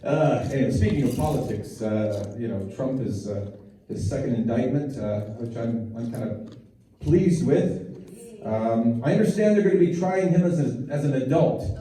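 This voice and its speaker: A man's voice: mid-range voice, lively intonation, normal speed, background noise. A middle-aged man, a preschool teacher, telling rambling, self-deprecating stories as stand-up, with many restarts. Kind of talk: stand-up storytelling. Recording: echoey hall, voice far from mic.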